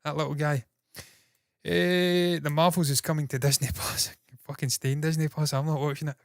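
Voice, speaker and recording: A man's voice: fairly high pitch, level tone, moderate pace, vocal fry, no echo, studio quality. A man hosting a casual solo entertainment news livestream, rambling and swearing freely as he chats to viewers. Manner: rambling, profane and self-deprecating.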